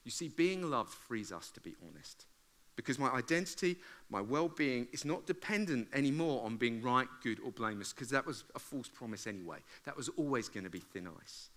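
A man, preaching a sermon to a congregation in a humorous, conversational way and acting out arguments with loud outbursts. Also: mid-range voice, expressive, brisk, hardly any pauses. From England. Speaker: pastor. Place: church service before a congregation.

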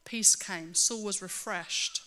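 Woman giving a sermon, bright clear voice, earnest and lively, pokes fun at herself. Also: mid-range voice, slow pace. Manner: earnest, animated, self-mocking asides. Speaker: preacher.

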